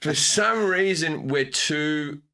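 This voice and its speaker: A middle-aged man with a bright, forceful Australian voice, spinning stories in a relaxed interview chat. He is animated and keeps leaping into high, squeaky bursts to land the jokes. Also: takes it slowly, gravelly. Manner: animated, jumps into bursts of high pitch for comic emphasis. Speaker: comedian guest. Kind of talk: casual storytelling chat.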